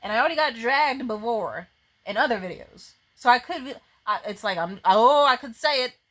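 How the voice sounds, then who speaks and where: Young woman, profane exasperated rant, slightly high voice, frequent restarts, to camera. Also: expressive, normal speed, fairly bright tone, rough recording. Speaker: vlogger. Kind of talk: profane ranting vent. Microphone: facing a camera.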